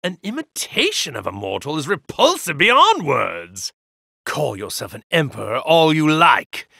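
A cold, self-righteous god of judgment who sneers at mortals in a gravelly, bright-edged voice. His lines crawl out slowly, dropping to low contempt and leaping to strained battle shouts. Recorded dry and close, like a game's studio voice lines. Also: wildly swooping pitch, dry recording, full character voice. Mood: contemptuous. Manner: haughty, contemptuous, grandiose. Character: arrogant evil god in a hero's body, male. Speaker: video game character. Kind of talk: game voice lines.

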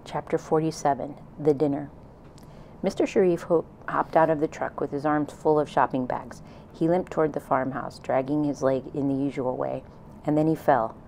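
Woman with a low voice reading a kids book aloud, calm storyteller, slight hum behind. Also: normal speed, low-quality recording. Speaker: audiobook reader. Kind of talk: reading a children's novel aloud.

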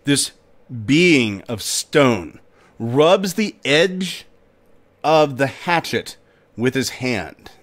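A male podcast host narrates a folk tale with dramatic, expressive storytelling. His pitch moves in lively swoops while he keeps an unhurried, deliberate pace.

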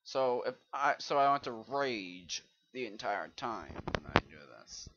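Brief: male Let's Play commentator, slow delivery, swears and blows up at the game, dull lo-fi recording. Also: medium pitch, very animated, background noise. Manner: swears often, bursts into loud frustrated outbursts. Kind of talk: casual gameplay commentary.

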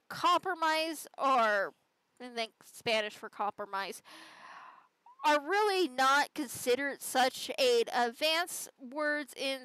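A woman reads an online story aloud for a podcast, chatting through it and adding her own asides. Her voice sits high and she takes her time with each line. The sound is close and dry, with no room around her. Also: fairly bright tone, no echo, poor audio. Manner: conversational storytelling with side comments. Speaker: podcast host. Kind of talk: reading a Reddit story aloud.

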